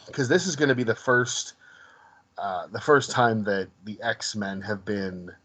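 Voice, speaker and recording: A man's voice: on the low side, rough recording. A man co-hosting a casual podcast, talking in a hesitant way with frequent restarts. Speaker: podcast co-host.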